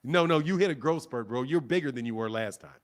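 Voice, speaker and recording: A middle-aged boxing channel host runs a live stream from his home desk, leaning into his computer mic as he taunts and mocks a caller in a heated argument. His medium-pitched voice is animated and fast, laughing often, with a loud crowd audible.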